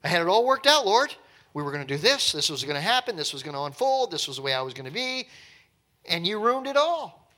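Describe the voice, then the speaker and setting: A man's voice: high-pitched, very animated, fast talker, bright, forceful tone, exaggerated voice. A man voicing an exasperated prophet who complains to God in an accusing, whiny tone. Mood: aggrieved.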